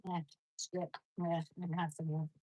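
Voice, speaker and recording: A woman's voice: fairly low pitch, little pitch movement, moderate pace, warm tone. A woman vlogger in casual talk as she eats, chatting and talking fondly to her dogs between bites. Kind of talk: casual eating vlog.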